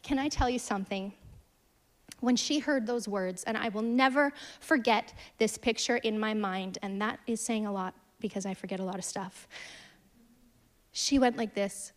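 A woman in her thirties preaching a sermon, earnest and storytelling, swinging from emphatic lines to hushed ones. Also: mid-range voice, moderate pace.

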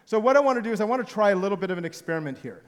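A man's voice: high-pitched, expressive, racing. A man preaching a sermon as pastor, telling stories in a playful, jokey way and drawing the congregation into a little experiment. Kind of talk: sermon with audience participation. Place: large hall with live congregation. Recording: long hall reverb.

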